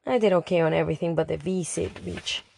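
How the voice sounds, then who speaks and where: A woman's voice: on the low side, fairly quick, vocal fry, darkish tone, a little hiss or hum. A woman reading a first-person diary as an audiobook, chatty, dramatic and exasperated. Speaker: audiobook narrator.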